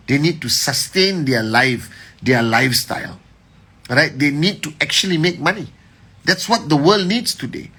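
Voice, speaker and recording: A man's voice: medium pitch, pushed and bright, husky. A middle-aged man giving a motivational live address as a company leader, emphatic and rallying, often checking in with "all right?".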